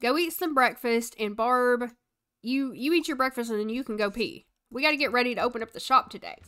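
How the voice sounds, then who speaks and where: Bright-voiced woman streamer chatting over gameplay. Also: fairly high pitch, brisk. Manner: chatty, bossing her game characters aloud and answering chat. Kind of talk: live gameplay commentary.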